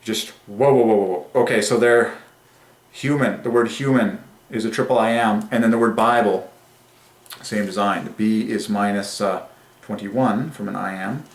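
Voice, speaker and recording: A man hosting a religious numerology channel, speaking in an excited monologue that swings between rapturous bursts and quiet musing. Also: lowish voice, moderate pace, reverberant.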